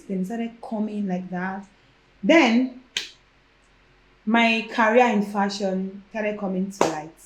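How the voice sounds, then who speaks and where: Animated Nigerian woman telling her story, roomy sound. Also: mid-range voice, slow pace, long pauses, slight background noise. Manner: animated, acts out quoted dialogue. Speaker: guest. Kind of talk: casual personal storytelling. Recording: roomy echo.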